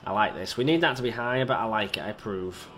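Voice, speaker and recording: A man's voice: fairly low pitch, lively intonation, quick pace, a bit bright, slight background noise. A man giving casual, rambling, self-mocking commentary as he plays a park-building video game and talks to its little characters. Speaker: video game let's-player.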